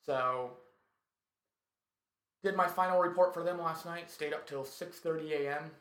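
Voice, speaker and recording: A male comedian telling a story in casual chat, profane and animated, acting out what people said. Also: on the high side, unhurried. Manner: profane, animated, tells stories with acted quotes. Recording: echoey room.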